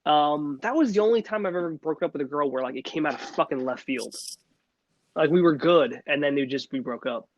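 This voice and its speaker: A man in his thirties co-hosting a casual podcast, telling animated stories with swearing and frequent laughs. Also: fairly high pitch, brisk, dull audio. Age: 30s. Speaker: podcast co-host. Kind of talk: casual chat.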